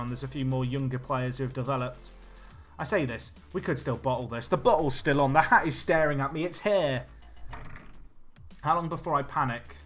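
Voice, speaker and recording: A guy narrates his football management game live for a stream. He sounds jittery, dropping to low murmurs one moment and bursting into panicked yells the next.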